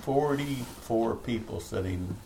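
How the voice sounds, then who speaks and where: A man's voice: mid-range voice, takes it slowly, gravelly, dark tone, slight background noise, rough recording. A middle-aged man preaching a fervent, rambling sermon to a small home church, breaking into laughs. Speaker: pastor. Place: home meeting room.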